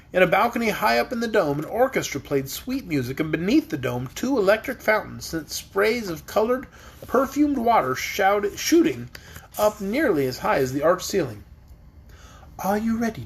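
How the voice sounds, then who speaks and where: Man reading a kids story aloud, husky voice, lots of ups and downs. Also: high-pitched. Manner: expressive, lively reading. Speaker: audiobook reader. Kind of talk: storybook narration.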